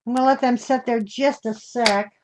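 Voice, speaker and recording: A woman's voice: fairly high pitch, fairly even intonation, normal speed, darkish tone, slight background noise. An older woman hosting a live craft demonstration, chatting in a homey way and greeting viewers with endearments. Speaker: craft show host.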